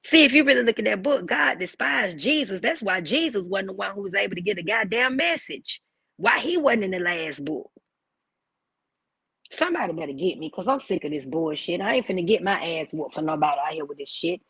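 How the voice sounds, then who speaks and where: A woman's voice: medium pitch, lively intonation, fairly quick, creaky, a bit bright, slightly rough, dry recording. A woman hosting a livestream, ranting in a blunt, profane and preachy way. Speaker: livestream host. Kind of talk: heated livestream rant.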